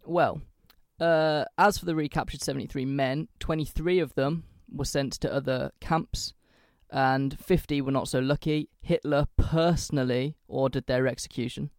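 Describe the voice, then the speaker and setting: A man's voice: mid-range voice, fairly even intonation, moderate pace, a little mellow, no echo, clean studio sound. A man co-hosting a podcast, recounting history in casual chat and swearing freely. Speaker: podcast co-host.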